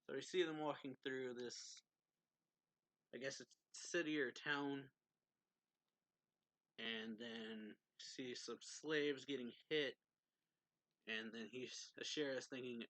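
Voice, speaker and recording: A man's voice: mid-range voice, fairly even intonation, slow pace, pauses often, a bit bright, dry recording, rough recording. A man giving a casual, chatty recap of a manga chapter as a reviewer, laughing often as he reads lines aloud.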